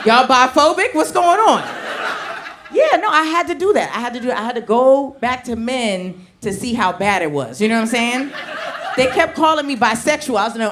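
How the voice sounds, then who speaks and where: A woman's voice: high voice, expressive, normal speed. Brash woman doing stand-up in a noisy club. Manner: brash, loud and conversational, talking straight to the crowd. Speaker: stand-up comedian. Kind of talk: stand-up comedy set. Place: comedy club stage with a laughing audience. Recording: live club recording with clear background noise.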